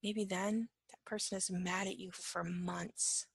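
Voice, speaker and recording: Husky-voiced woman teaching casually. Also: mid-range voice, flat delivery, unhurried, no room sound. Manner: conversational, keeps asking "right?", acts out little dialogues; drops to a soft whisper at times. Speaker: empath teacher. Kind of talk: informal spoken teaching.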